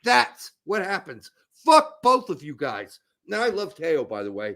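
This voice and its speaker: A man with a strikingly high voice and a rough, gravelly edge holds forth on a casual sports podcast. His rant is thick with profanity and keeps boiling over into sudden, heated outbursts. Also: huge pitch swings, unhurried, pushed and bright. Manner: profane, ranting, explosive outbursts. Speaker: podcast co-host.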